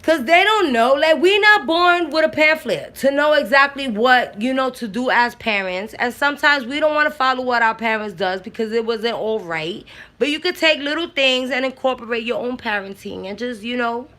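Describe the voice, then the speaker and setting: A woman in her thirties from the Bronx, talking about raising kids in a blunt, profane, animated way. Her New is strong, her voice sits a bit high, and it has a bright, forceful edge. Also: moderate pace. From the Bronx, New York. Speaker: mother and aunt sharing opinions. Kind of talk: casual talk.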